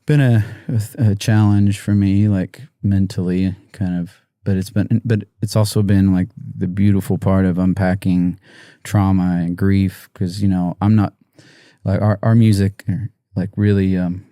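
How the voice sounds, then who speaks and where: Soft-spoken man with a low dark voice. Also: no room sound, clean studio sound. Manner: halting, soft-spoken, many fillers and restarts. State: emotional, choked up. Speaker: musician guest. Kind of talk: podcast interview.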